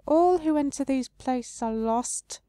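A woman voicing a sad, wistful talking tree spirit in a game, speaking slowly and with long drawn-out words. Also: high voice, dark tone, no echo, pitched above the performer's own voice. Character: sorrowful ancient tree spirit with a face.

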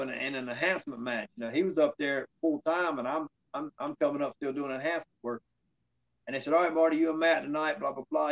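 A man's voice: on the high side, vocal fry, dull audio. Rambling man with a drawl. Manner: rambling anecdotes with fillers, acting out quoted dialogue. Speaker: interview guest, former wrestler. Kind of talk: casual storytelling in an interview.

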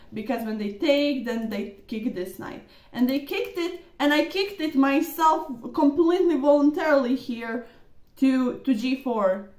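Excitable high-voiced woman reviewing chess. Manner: chatty and excitable, with many fillers. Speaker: chess content creator reviewing her own games. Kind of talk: casual game review commentary. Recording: echoey room.

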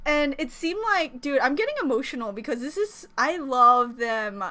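A young woman reacting to a music video as an excited fan, gushing and exclaiming, thinking out loud with lots of "like"s. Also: high-pitched, moderate pace. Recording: faint music behind the voice.

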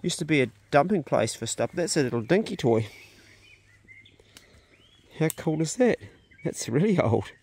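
A middle-aged man with a New Zealand accent, chatting in a relaxed, plain-spoken way as he walks around his farm outdoors. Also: on the high side, moderate pace, pauses often, slightly rough. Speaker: vlogger, farm owner. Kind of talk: casual narration on a farm walk.

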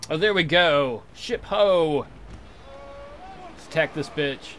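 A young man talks his way through a video game in a loose, profane, joking style, taunting enemy ships as he plays. His voice sits a little high for a man. Game music plays clearly behind him. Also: animated, takes it slowly, pauses often, fairly bright tone. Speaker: let's play commentator. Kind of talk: casual gameplay commentary.

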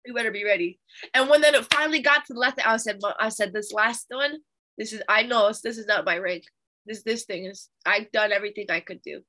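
A young woman teaching a Bible study, telling a testimony in an animated, chatty way with fillers. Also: fairly high pitch, a little fast.

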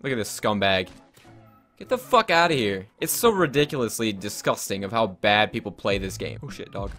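A man's voice: on the low side, lively intonation, moderate pace, faint music behind. A young man commentating his own gameplay, ranting about opponents and swearing often. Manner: ranting, frustrated, swears a lot, yells at opponents. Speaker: gaming YouTuber.

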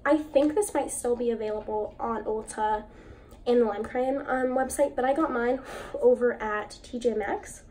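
Young woman beauty vlogger, high voice, chatty and gushy, lots of "like", faint background hiss. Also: normal speed, darkish tone. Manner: chatty and enthusiastic, lots of "like" fillers. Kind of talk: casual chat while swatching makeup.

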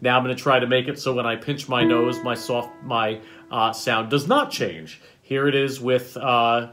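A man teaching a vocal warm-up, coaching between sung syllables. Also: mid-range voice, little pitch movement, moderate pace. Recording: loud piano behind the voice. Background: piano accompaniment.

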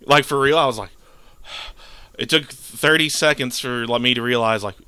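Bright, crisp man telling a story. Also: mid-range voice, normal speed, no echo. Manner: animated storyteller, acts out quoted lines. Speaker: podcast co-host. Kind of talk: casual podcast chat, telling a dream.

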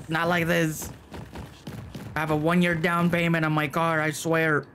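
A man's voice: a little high, completely flat delivery, a little slow, a bit bright, slight background noise. A man giving panicky, joking commentary while playing a horror game, often pleading and talking to himself. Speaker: gaming video creator. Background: game music.

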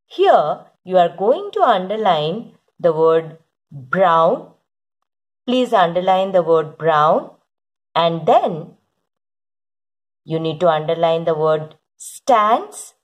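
A woman teacher reads to small children very slowly, one word at a time. Her pitch sits a little low but swings widely, and her voice has a slightly husky edge. She sounds patient and instructive, repeating each direction. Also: sing-song, dull audio. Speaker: kindergarten English teacher. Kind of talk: reading a storybook aloud word by word for young children.

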